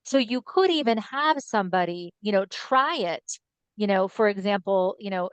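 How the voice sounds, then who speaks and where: A woman's voice: mid-range voice, expressive, normal speed, clear, resonant tone, dry recording, muffled recording. A woman hosting a webinar over a video call, sounding encouraging as she reads out audience comments. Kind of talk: webinar moderation.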